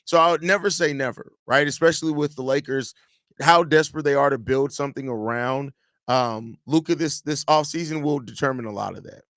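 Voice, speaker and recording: A man's voice: medium pitch, fairly quick, no room sound, studio quality. A man hosting a live podcast show, reading viewer comments aloud and teasing the people who sent them. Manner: animated, teasing, talks straight to viewers. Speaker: podcast host.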